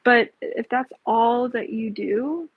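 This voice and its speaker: On a casual live stream, a woman talks bluntly and slowly in a fairly high voice with a breathy edge, swearing often and drifting into rambling asides. The audio is dry and tinny, like a phone, with no echo.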